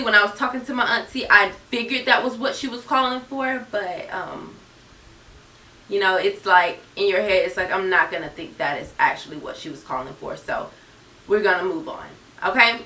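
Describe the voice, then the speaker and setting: Young woman, storytime vlog, earnest and direct, bright voice, echoey room, mic a bit far. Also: medium pitch. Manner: earnest, addresses viewers directly. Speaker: YouTuber.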